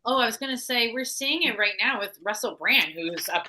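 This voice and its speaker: A woman co-host with a bright, sharp, slightly high voice. She talks earnestly but hesitantly and keeps reaching for fillers. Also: animated, brisk. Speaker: podcast co-host. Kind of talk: casual panel chat.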